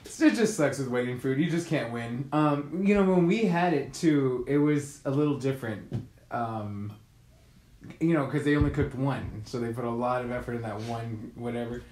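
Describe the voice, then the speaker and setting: A man's voice: medium pitch, moderate pace, a little mellow, reverberant. A man co-hosting a podcast, telling stories in casual chat with frequent swearing and laughs. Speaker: podcast co-host. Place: Korea.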